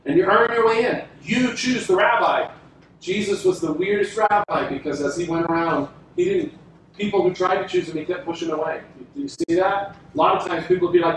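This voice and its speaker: A man with a high voice preaches a sermon, stretching out words and pausing for emphasis, sometimes acting out quoted lines. He sounds set back from the mic in a very echoey church hall. There is a faint hiss behind him. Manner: emphatic, dramatic pauses, acts out quoted lines. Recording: echoey room from a distance with faint noise.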